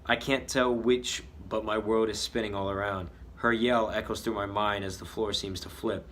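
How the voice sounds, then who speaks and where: A man's voice: on the low side, fairly even intonation, moderate pace, fairly bright tone. A man reading a story he wrote as a child, joking about the spelling and the drawings as he goes. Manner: mocking his own old writing. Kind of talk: comedic read-aloud with commentary.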